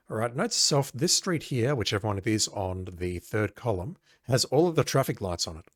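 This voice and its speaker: A man's voice: on the low side, sing-song, normal speed. A man giving casual, wry, chatty commentary while playing through a retro game. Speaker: let's-play host.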